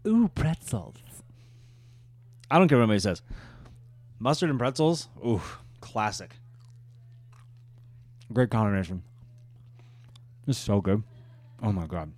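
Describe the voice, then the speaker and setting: A man's voice: on the low side, lively intonation, unhurried, pauses often, a little mellow. A man co-hosting a casual podcast, chatty and jokey, talking about his snacks aloud. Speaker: podcast co-host. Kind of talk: casual chat.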